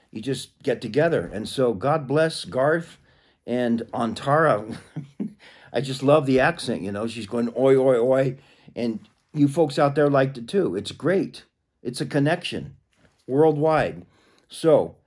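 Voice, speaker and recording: A man talking casually to camera in a rambling way, clearing a frog from his throat. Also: medium pitch, lively intonation, a little slow, a little mellow. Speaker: vlogger.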